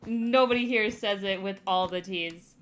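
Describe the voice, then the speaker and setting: A woman's voice: mid-range voice, measured pace, fairly bright tone. A young Canadian woman with a Canadian accent, chatting casually and teasingly on a live stream while playing, laughing often.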